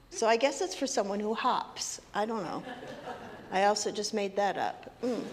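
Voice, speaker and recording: A woman with a medium-pitched voice speaks at normal speed as she leads a children's message in a congregation's sanctuary. As the minister, she is playful, teasing, and sing-song with the kids, and the audio carries long hall reverb under faint ambient noise.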